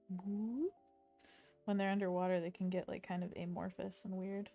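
A woman's voice: medium pitch, flat delivery, normal speed, warm tone, faint music behind. A woman streaming her drawing, chatting playfully and reading viewer messages aloud. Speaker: art streamer. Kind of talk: casual chat while drawing on stream.

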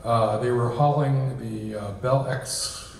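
Taking it slowly in a creaky, mid-range voice with fairly even intonation, a guest speaker gives a conversational lecture packed with ums and uhs. He's in a reception hall with an audience, and the distant mic records echo and slight background noise.

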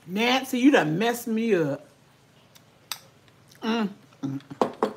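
A woman's voice: a little high, sing-song, slow, long pauses, a little hiss or hum. An older woman, chatting casually with viewers while eating, folksy and talkative. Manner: folksy, chatty, talks with mouth full. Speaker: vlogger.

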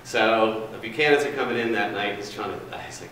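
A man's voice: fairly low pitch, brisk, a bit bright. Chatty man telling stories in an echoey room. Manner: rambling, folksy, chatty with fillers. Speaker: food and beverage trainer. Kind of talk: storytelling, then presenting to a room. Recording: distant, very echoey room with faint noise.

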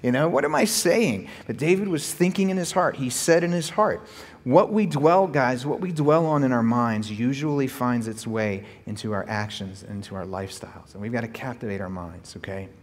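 Male pastor, slightly husky, lively sermon delivery with rhetorical questions, echoey hall. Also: medium pitch, moderate pace.

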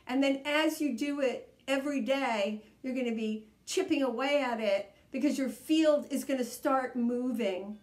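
A woman leading a guided tapping session, coaching calmly and repeating each step. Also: high voice, measured pace, few pauses. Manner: calm, repetitive, coaching tone. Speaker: EFT tapping practitioner. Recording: echoey room.

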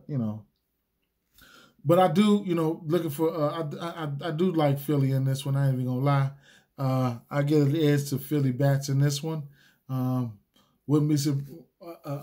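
Laid-back rambling sports picks host. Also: male voice, mid-range voice, dark tone. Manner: rambling, many fillers and restarts; laid-back slangy talk. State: hiccups. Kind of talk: casual solo picks video.

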